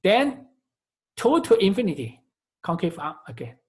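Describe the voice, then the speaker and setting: A man's voice: sits high, huge pitch swings, measured pace. A man teaching a recorded math lecture, working through each step methodically and often repeating or correcting his phrases. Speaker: math instructor.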